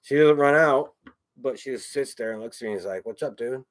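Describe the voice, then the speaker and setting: A man's voice: medium pitch, a little fast, background noise. A man chatting casually on his own, rambling, swearing often and repeating himself. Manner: rambling, profane, repeats phrases. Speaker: streamer.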